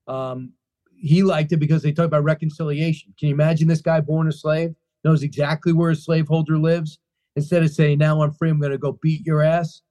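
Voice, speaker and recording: With a fairly high voice, a man discusses his book in an interview, spinning lively, emphatic anecdotes full of restarts and repeated phrases.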